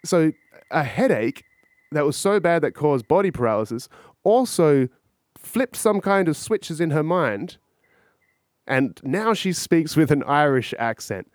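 A man's voice: a little high, very animated, a little slow, dry recording, clean studio sound. A man hosting a podcast, musing aloud in a rambling, profane casual monologue and putting questions to his listeners. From Australia. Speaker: podcast host.

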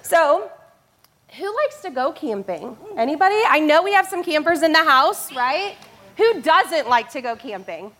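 A woman's voice: high-pitched, big pitch swings, unhurried, fairly bright tone, faint music behind. A woman teacher leading a family church service on stage, playful and laughing as she talks straight to the crowd. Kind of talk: lively family sermon talk.

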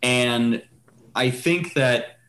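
A man's voice: mid-range voice, extremely slow, a bit bright. A man hosting a casual podcast chat, rambling with many fillers and restarts. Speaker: podcast host.

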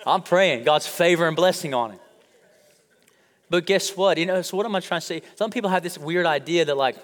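A man's voice: a little high, brisk. A man preaching a sermon to his congregation, conversational and joking, calling out to the room. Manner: humorous, conversational preaching with audience call-outs. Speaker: pastor. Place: church sanctuary. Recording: long hall reverb.

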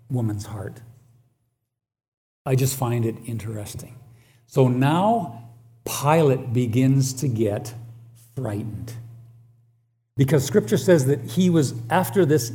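A man preaching a sermon and reading scripture aloud, slow and deliberate, rising louder on key lines. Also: mid-range voice.

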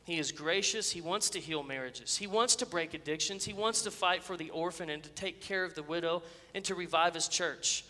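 Preacher guy, high bright voice, fired up, big echoey church. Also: fairly quick, few pauses. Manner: earnest, passionate, with restarts and emphatic builds. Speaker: pastor. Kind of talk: sermon.

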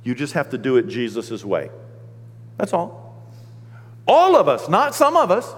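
A man's voice: medium pitch, wildly swooping pitch, a little slow. A man preaching a conversational sermon, telling stories and often checking in with his listeners. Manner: storytelling, often checks in with the congregation. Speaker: pastor. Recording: long hall reverb.

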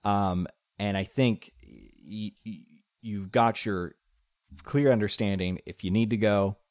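A man co-hosting a casual podcast, talking earnestly and often pausing with fillers and restarts. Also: fairly low pitch, darkish tone, no room sound, clean studio sound. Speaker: podcast co-host.

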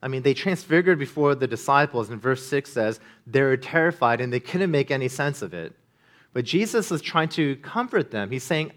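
Male pastor, mid-pitched, sermon delivery with loud peaks and quiet dips. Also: sing-song, normal speed. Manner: earnest preaching that swings between loud and hushed.

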